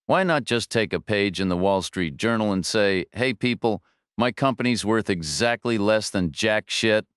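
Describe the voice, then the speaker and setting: A man's voice: on the low side, expressive, normal speed, a bit bright, clear, resonant tone, no echo, studio quality. A man voicing a furious middle-aged finance director who screams, pants and sneers sarcastically, in a storybook reading. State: out of breath.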